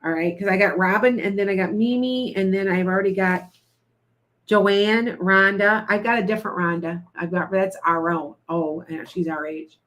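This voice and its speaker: A woman's voice: medium pitch, fairly even intonation, normal speed, fairly bright tone. A woman giving live tarot readings to viewers, talking in a chatty, repetitive, coaching way. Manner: chatty, repeats herself, coaching tone. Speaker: tarot reader.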